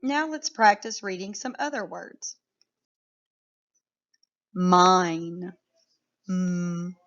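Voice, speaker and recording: Slow, clear-spoken woman teacher. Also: mid-range voice, expressive, dull audio. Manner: slow, clearly sounding out words, encouraging. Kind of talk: phonics lesson for young children.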